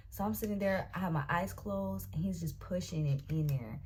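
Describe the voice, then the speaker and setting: A young woman vlogger with a lowish voice tells a dramatic storytime at normal speed, with a little hiss or hum in the recording. She retells it animatedly, speaking straight to her viewers and calling them y'all and baby.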